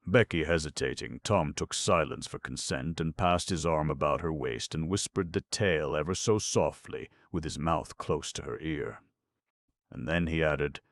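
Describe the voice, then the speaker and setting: A man reading a classic novel aloud as an audiobook narrator, in a measured storytelling manner. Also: very deep voice, vocal fry, dry recording, clean studio sound. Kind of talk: scripted narration.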